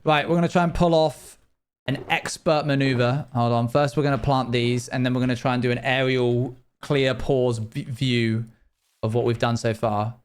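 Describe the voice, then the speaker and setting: A man's voice: mid-range voice, steady tone, moderate pace, clean tone. A young man livestreaming a game, chatting easily with his viewers. His talk wanders and keeps circling back to restart thoughts, in an unremarkable mid-range voice. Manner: rambling, chatty, often restarts mid-sentence. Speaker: streamer. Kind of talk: casual livestream chat while playing.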